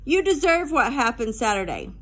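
A woman's voice: fairly high pitch, wildly swooping pitch, moderate pace. A woman reading an audiobook, voicing a bossy, outspoken fifth-grade girl who scolds her friends. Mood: scolding. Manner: tart and scolding.

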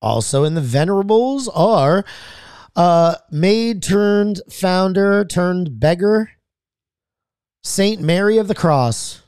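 A man's voice: sits high, expressive, slow, a little mellow, smooth, dry recording, studio quality. Man reading saint stories on a podcast. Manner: reads aloud, stumbles on names, then adds loose comments. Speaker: podcast host.

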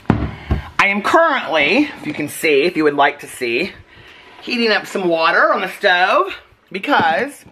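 A man's voice: a little high, pushed and bright, slight background noise. A bubbly, giggly man chatting casually to camera in his home kitchen as a vlogger. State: out of breath. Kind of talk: casual chat.

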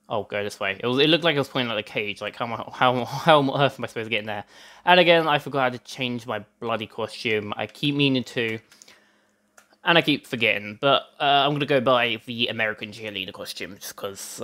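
A young man talks his way through a video game at a middling pitch, rambling and restarting his sentences constantly. He sounds hot and slightly winded, and keyboard typing comes through behind him. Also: sharp tone. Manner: chatty, rambling, self-interrupting with many restarts. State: hot and sweaty, a bit out of breath. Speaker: let's play host. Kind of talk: gameplay commentary.

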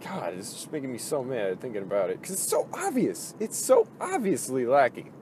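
A man's voice: medium pitch, huge pitch swings, normal speed, noisy background. A man ranting casually about a video game, frustrated and profane, rambling with lots of fillers and restarts. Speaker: gaming video host.

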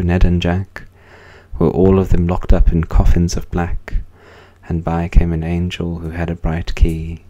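A man reciting poems in a solemn, measured way, letting the ends of lines fall softly. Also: low-pitched. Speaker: poetry reader. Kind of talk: slow, measured poetry recitation.

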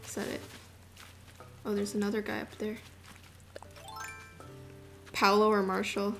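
A young woman streaming a video game, chatting casually and gushing excitedly, dropping to murmurs and rising to squeals. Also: mid-range voice, unhurried, creaky, faint music behind. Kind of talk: casual live-stream chat while gaming.

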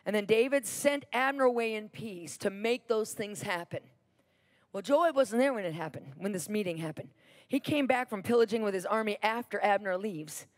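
A woman preacher retelling a Bible story in a sermon, animated and repetitive for emphasis. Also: medium pitch, normal speed.

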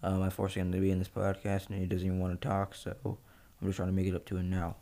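Low-voiced man pleading with his twin. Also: monotone, fast. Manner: pleading and hesitant, many fillers and restarts, flaring into yelling. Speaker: channel host. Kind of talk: comedy skit podcast.

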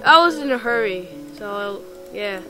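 A woman giving rambling, excitable let's play commentary while gaming, full of ums and restarts. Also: medium pitch, unhurried, over music, rough recording. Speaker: gamer.

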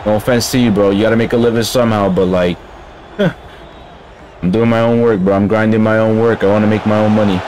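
A man's voice: on the low side, fairly even intonation, fairly quick, over music. A man streaming a game live, grumbling in casual slang and calling his listeners bro.

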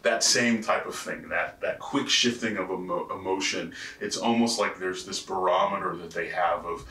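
A man teaching a class in a casual, conversational way, often checking in with "right?" and pausing on "uh". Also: sits low, bright, forceful tone. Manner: conversational, frequent "right?" and "uh" fillers. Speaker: college instructor. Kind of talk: recorded lecture. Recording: roomy, distant mic with faint noise.

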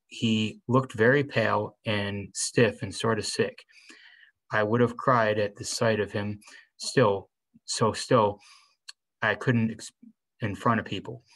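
A man reading a novel aloud in the first person, unhurried, with small restarts. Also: lowish voice, fairly bright tone, poor audio. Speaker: reader.

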